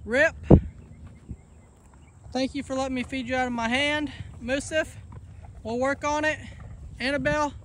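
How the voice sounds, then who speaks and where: A man's voice: very high voice, fairly even intonation, measured pace, pauses often, pushed and bright, a little hiss or hum. A man, a homesteader chatting casually in a vlog, coaxing and fondly talking to his animals. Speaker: homesteader vlogger. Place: outdoor pasture.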